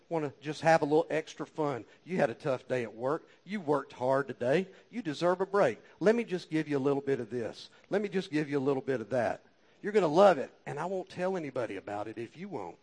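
A man voicing a sly male devil who coaxes in a hushed whisper and then sneers in scorn. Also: high-pitched. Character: sly tempting male devil, cruel accuser.

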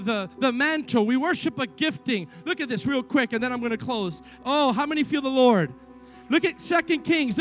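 A middle-aged man preaching a sermon as pastor, telling stories and building to fervent pleas. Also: very high voice. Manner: preaching with rising fervor and repeated pleas.

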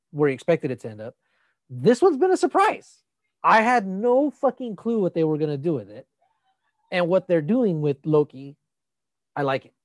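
A man with a fairly high voice and dry, close sound chats loosely about shows. He restarts often and swears freely, at an easygoing pace. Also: no room sound. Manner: relaxed, loose, swears freely, repeats words. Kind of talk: casual chat.

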